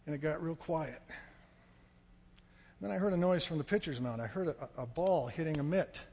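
A man telling a dramatic story to an audience, acting out shouts and crowd noise as he goes. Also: on the high side, normal speed, husky, long reverb tail.

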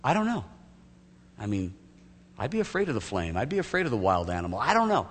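A man's voice: mid-range voice, huge pitch swings, fast. A man preaching a sermon as pastor, telling a story vividly and acting out its scenes. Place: church sanctuary. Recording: echoey hall, faint hum.

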